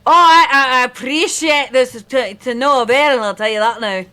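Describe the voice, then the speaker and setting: A woman's voice: sits high, normal speed, bright, forceful tone, smooth. A woman playing in a tabletop game, bantering and teasing the storyteller. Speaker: player.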